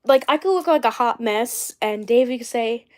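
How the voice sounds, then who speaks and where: A woman's voice: fairly high pitch, animated, normal speed, darkish tone. Rambling woman hosting a doll livestream. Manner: rambling, clears her throat often. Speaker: doll channel host. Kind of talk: casual livestream chat.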